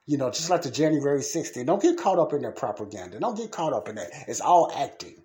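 A man hosting his own podcast, talking in a fervent, repetitive way that moves between heated ranting and quiet, earnest preaching. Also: mid-range voice, very animated, quick pace. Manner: fervent, repetitive, shifts from ranting to soft pleading. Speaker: podcast host. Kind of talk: casual preaching monologue.

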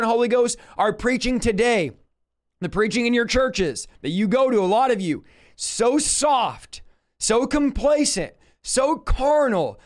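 Fiery high-voiced male preacher. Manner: impassioned, rising to shouts, rhetorical questions. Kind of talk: fervent sermon-style Bible teaching.

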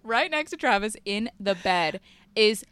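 A woman co-hosting a casual podcast, telling a story in an animated way and laughing often. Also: mid-range voice, unhurried, clear, resonant tone, no room sound. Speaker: podcast co-host. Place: boat.

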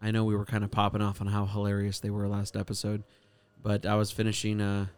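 A man's voice: fairly low pitch, completely flat delivery, fast talker, smooth. A young man hosting a podcast, chatting in crude, joking banter. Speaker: podcast host. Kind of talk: casual chat.

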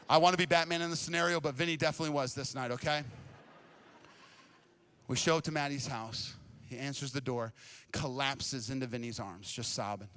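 A young adult man preaching a sermon as a pastor, telling a story in a casual, energetic way and often repeating words. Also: fairly high pitch. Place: church stage.

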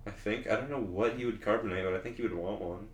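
A young man with a lowish voice chats offhandedly with friends. The room is echoey, and a faint hiss runs under a single shared mic. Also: quick pace. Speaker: podcast co-host. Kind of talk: casual chat. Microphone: single shared mic on a laptop. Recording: roomy home recording, faint hiss.

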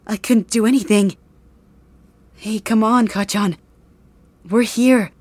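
A woman voicing an earnest young male hero, high, pleading and frantic. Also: steady tone, slow pace, a little mellow, husky, no echo. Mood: desperate. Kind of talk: audio drama role-play.

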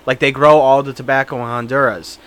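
A man's voice: mid-range voice, steady tone, brisk, a bit bright. A man co-hosting a podcast in casual chat, joking and laughing, acting out little mock conversations. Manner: joking, laughs often, plays out mock dialogue. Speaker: podcast co-host.

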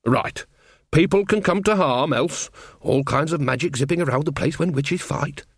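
A man's voice: a little high, normal speed, husky, dry recording, studio quality. A man voicing a cheerful, earthy old witch grandmother in an audiobook, talking in a chatty, homely way.

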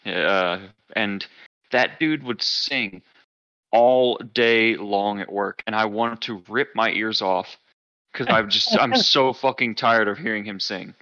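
A man's voice: fairly low pitch, animated, takes it slowly, bright, forceful tone, no room sound, highs cut off. A man co-hosting a casual podcast chat, blunt and profane, laughing often. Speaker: podcast co-host.

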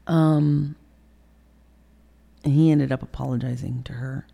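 A woman's voice: extremely low pitch, fairly even intonation, a little slow, gravelly, dark tone. A woman in her sixties, an interview guest telling a candid personal story, acting out past conversations and often sinking to a whisper. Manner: reenacts conversations, dropping into whispers.

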